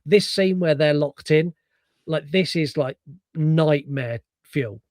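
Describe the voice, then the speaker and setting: A man co-hosting a casual film review podcast, animated and sweary, acting out scenes with quick put-on voices. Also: fairly high pitch, dry recording, studio quality. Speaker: podcast co-host.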